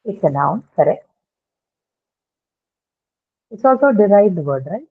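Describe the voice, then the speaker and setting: This is a woman teacher with a husky, medium-pitched voice, measured pace and big pitch swings, heard through a thin phone-line sound. In her online word-stress lesson she lays things out step by step and checks understanding with "right?".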